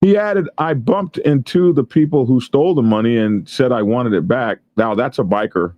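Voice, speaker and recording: A man's voice: mid-range voice, measured pace, a little mellow, highs cut off. A male show host, reading news stories aloud and riffing on them with frequent laughter. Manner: laughs often, reads news aloud and riffs on it. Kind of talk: casual news commentary.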